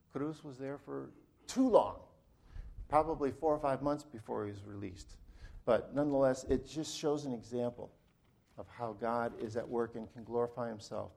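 A middle-aged man giving a sermon, telling a story in an earnest way and leading a quiet prayer. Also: medium pitch, vocal fry. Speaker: preacher.

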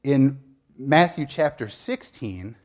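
A man's voice: medium pitch, expressive, takes it slowly. Conversational male pastor preaching. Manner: conversational storytelling with asides and light humor. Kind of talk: sermon.

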